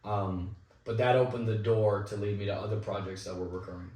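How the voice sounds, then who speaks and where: A young man with a lowish voice recounts behind-the-scenes stories in a relaxed, animated way. He sits back from the mic in an echoey room. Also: brisk, distant mic. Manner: animated anecdotal storytelling with quoted asides. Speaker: actor guest. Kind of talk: casual interview storytelling.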